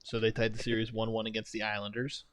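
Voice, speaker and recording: A man's voice: lowish voice, monotone, quick pace, a bit bright, dry recording. A young man co-hosting a casual podcast, tripping over his words and laughing it off. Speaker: podcast co-host. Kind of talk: casual chat.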